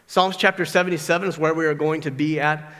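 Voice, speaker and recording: A man's voice: a little high, fairly even intonation, fast talker, fairly bright tone. A man preaching a sermon as pastor, conversational, often adding "like" and "right?" as he talks to the congregation. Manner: conversational, frequent "like" and "right?" asides. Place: church sanctuary. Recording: long reverb of a large hall.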